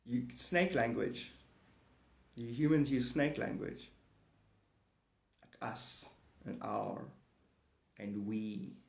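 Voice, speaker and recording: A man's voice: medium pitch, drawn-out words, gravelly, long pauses. Rambling man livestreaming in an echoey room. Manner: animated, answers chat comments aloud. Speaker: livestream host.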